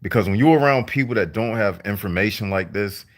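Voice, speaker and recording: A man delivering a deliberate, repetitive, preachy monologue to his viewers on a livestream. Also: on the low side. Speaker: vlogger.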